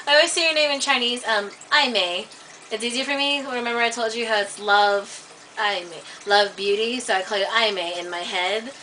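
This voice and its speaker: A woman with a fairly high, bright voice chats casually to her online friends on a webcam. She hesitates often, filling gaps with ums. A faint household noise sits behind her. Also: steady tone, a little fast, rough recording. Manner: chatty, hesitant with frequent ums. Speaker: video blogger.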